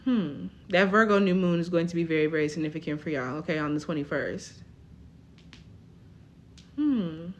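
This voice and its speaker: A woman's voice: deep voice, moderate pace, long pauses, lo-fi sound. A woman in her twenties giving a casual live tarot reading, chatty, tagging almost every line with "okay?". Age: 20s. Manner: chatty, tags lines with "okay?". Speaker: tarot reader.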